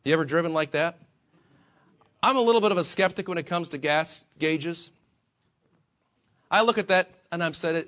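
A pastor preaches a sermon to fellow believers, swinging his emphasis, asking rhetorical questions and acting out quoted voices of himself and the Lord. His voice sits high and fairly bright, at normal speed with long pauses.

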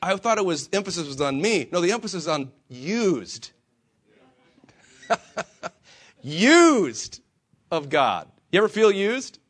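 A man's voice: high voice, expressive, unhurried, pauses often. A man preaching a sermon to fellow believers, swinging his emphasis and asking rhetorical questions. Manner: acts out quoted voices of himself and the Lord. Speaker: pastor.

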